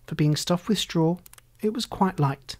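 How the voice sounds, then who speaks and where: A calm, measured storyteller reading aloud from a storybook. The voice sits at a middle pitch and moves along steadily, unhurried and plain. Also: no echo. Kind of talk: storybook narration.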